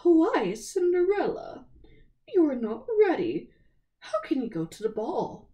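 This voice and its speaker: A haughty stepmother, as a woman reading a storybook puts her on drags out her words with a slow sneer. Her voice sits a little high and is full of scorn. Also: sing-song, lo-fi sound. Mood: mocking. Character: haughty mocking middle-aged stepmother.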